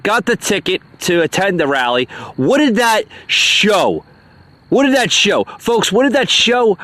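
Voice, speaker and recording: A man hosts a political commentary podcast in a slow, halting delivery full of fillers. His voice sits a little high and carries open irritation. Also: fairly bright tone. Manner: aggravated, many uh fillers, stumbling. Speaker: podcast host.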